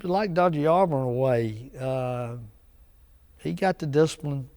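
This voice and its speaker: Slow, gravelly older man recalling school. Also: medium pitch, warm tone. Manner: slow, halting, trailing off. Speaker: interviewee, former student. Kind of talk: reminiscing interview.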